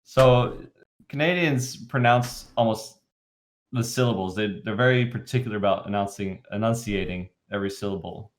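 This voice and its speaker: Laid-back young podcast co-host. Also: male voice, fairly low pitch, moderate pace. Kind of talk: casual podcast chat.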